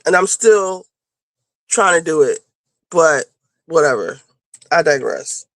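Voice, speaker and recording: A woman's voice: deep voice, animated, takes it slowly, dry recording. A woman panelist in casual chat, talking bluntly and rambling with plenty of swearing. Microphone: video call.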